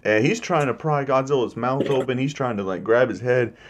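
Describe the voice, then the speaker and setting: A man's voice: medium pitch, fairly quick, background noise. A man casually retelling a movie's plot in a spoiler review, swearing freely and acting out scenes. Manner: profane, animated plot retelling.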